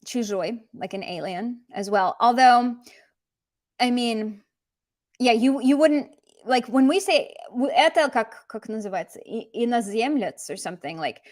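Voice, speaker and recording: A woman's voice: on the high side, expressive, measured pace. A woman teaching a casual live language lesson, chatty and explanatory, slipping Russian phrases into her explanations.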